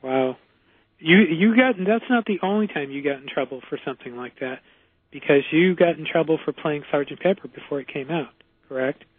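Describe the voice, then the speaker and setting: Male show host, interviewer, slightly high voice, halting delivery, dry phone-line sound. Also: breathy edge, dry recording. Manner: halting, restarts questions.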